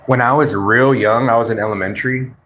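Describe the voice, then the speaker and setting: A man's voice: medium pitch, fairly even intonation, brisk, a bit bright, a little hiss or hum. A man hosting a livestream, chatting casually with viewers in a blunt, profane, laid-back way. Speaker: livestream host. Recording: roomy echo.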